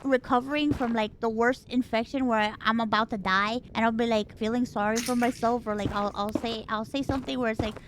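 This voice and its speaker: A woman's voice: a little high, steady tone, brisk, hardly any pauses, a little hiss or hum. A woman streamer chatting casually and animatedly, swearing and laughing often. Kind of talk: casual chat.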